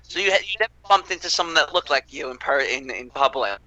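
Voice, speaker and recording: Male host with a bright, fairly high voice and an animated, profane storytelling style. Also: fast talker, no room sound, lo-fi sound. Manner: animated storyteller, swears freely. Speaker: podcast host. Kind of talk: casual chat.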